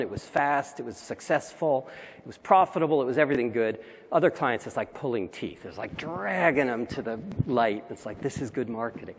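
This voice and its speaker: Conversational man speaking in a reverberant hall. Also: medium pitch. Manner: conversational, wry asides. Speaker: conference speaker. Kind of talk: conference talk. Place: large conference hall.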